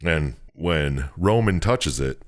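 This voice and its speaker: Very low male voice, podcast co-host, giggly recap with quick silly character voices. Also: animated. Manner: laughs often, retells with quick silly voices. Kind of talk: casual chat.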